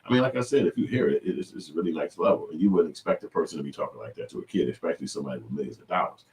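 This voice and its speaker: A man with a deep, low voice gives loose, conversational commentary on clips he is reacting to. He talks in an animated way and keeps slipping into exaggerated impressions of the people he describes. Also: racing, far from the mic. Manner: animated, slips into loud high impressions. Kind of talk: casual commentary.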